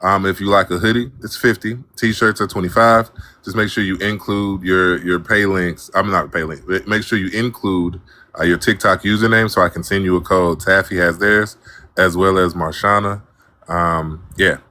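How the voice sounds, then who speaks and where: Man co-host, very deep voice, bright forceful tone, dry sound, friendly casual chat. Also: steady tone, normal speed, no room sound. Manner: friendly, promotes merch to viewers. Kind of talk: casual live-stream chat.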